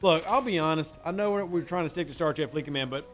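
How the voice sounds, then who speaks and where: A man's voice: on the high side, fast, fairly bright tone, soft background music. A man streaming a game live, chatting casually and answering his viewers' messages. He is from the United States.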